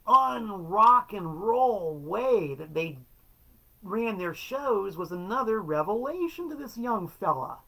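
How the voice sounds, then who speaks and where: Bright-voiced enthusiastic middle-aged man. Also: on the high side. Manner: enthusiastic, wry, with playful voiced quotes. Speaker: show host and record collector. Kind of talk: casual solo storytelling.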